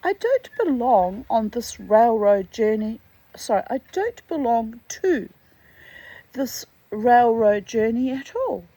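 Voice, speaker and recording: This is an impatient, proper young girl from a storybook, voiced by a woman reading aloud. The tone is husky and mellow. It swoops in pitch and keeps a slow pace. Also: lively intonation, no room sound, heavily acted, poor audio. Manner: indignant protesting.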